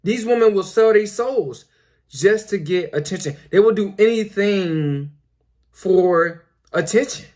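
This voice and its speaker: Young male host, high voice, preachy and repetitive, filler-heavy casual monologue. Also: lively intonation, measured pace, a little mellow. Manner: repetitive, preachy, lots of "you know" fillers. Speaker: commentary video host.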